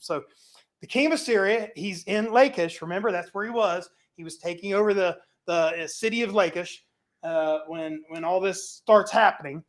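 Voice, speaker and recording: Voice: mid-range voice, normal speed. Chatty church Bible reading teacher. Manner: chatty, laughs often, asks "right?". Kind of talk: casual scripture reading and commentary.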